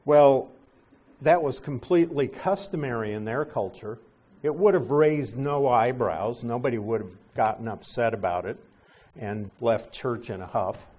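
A middle-aged male pastor teaching a sermon, explaining scripture with gentle asides. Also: medium pitch, measured pace.

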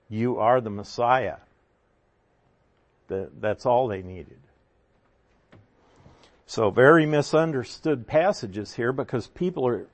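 A man delivers a sermon in a medium-pitched voice, teaching from scripture. His manner is conversational yet emphatic, and he leans on rhetorical questions.

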